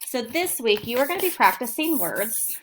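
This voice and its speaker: A woman teacher giving a recorded phonics lesson to young children, sounding out words slowly and clearly. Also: fairly high pitch, sing-song, a bit bright, slight background noise. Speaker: elementary school teacher.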